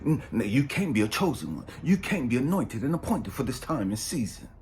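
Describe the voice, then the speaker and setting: A man's voice: mid-range voice, big pitch swings, brisk, darkish tone, a little hiss or hum. A middle-aged man, a spiritual coach, preaching in an impassioned, emphatic way and swearing freely. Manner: profane, emphatic, passionate.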